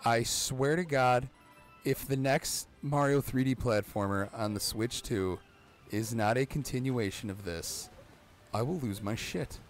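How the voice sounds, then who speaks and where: A man in his thirties hosting a let's-play, excitable and rambling, swearing often and breaking into sudden yelps. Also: mid-range voice, measured pace, soft background music. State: out of breath. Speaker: gaming channel host.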